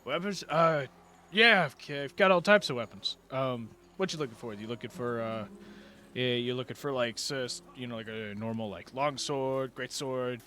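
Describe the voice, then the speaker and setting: A stammering, eager village blacksmith, put on by a man running a tabletop game, who keeps tripping over his words. He speaks a little higher and louder than a plain talking voice. The voice stays rushed and keen to sell. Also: lightly acted. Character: flustered middle-aged male village blacksmith.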